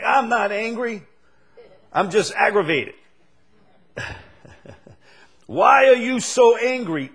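A man's voice: on the low side, slightly rough. A male preacher giving a sermon, asking the same question again and again and building to emphatic peaks.

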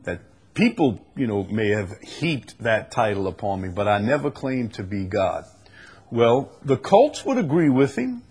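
A man's voice: fairly low pitch, sing-song, a little slow, a little mellow, husky. A man preaching a sermon and reading scripture aloud, earnest and rising to emphasis on the verses.

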